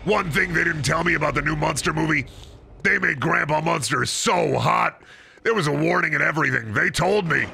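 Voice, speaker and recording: A man streaming a video game, giving crude, joking, excitable commentary. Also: a little high, moderate pace, gravelly, noisy background. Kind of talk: casual gaming commentary.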